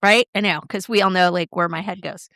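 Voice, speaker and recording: A middle-aged woman co-hosting a podcast, chatting casually and expressively with quick shifts in tone. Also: fairly low pitch, fairly even intonation, fairly bright tone, no room sound, clean studio sound. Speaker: podcast co-host. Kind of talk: casual chat.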